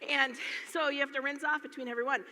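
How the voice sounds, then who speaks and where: A woman's voice: high voice, steady tone, fast, sharp tone. A middle-aged woman from Michigan telling rambling, chatty stories to a live audience from a stage, laughing often and looping back with "anyway.". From Michigan, USA. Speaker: speaker at a business event. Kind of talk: casual storytelling talk to a live audience. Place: large hall before an audience. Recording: echoey hall, faint noise.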